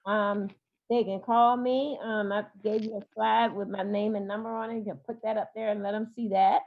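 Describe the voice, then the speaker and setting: A woman therapist talks as an interview guest at an average pitch, hesitating often, filling gaps with "um" and starting phrases over. Her voice comes through a dull, lo-fi recording. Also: little pitch movement, moderate pace. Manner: hesitant, many fillers and restarts. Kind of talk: interview talk.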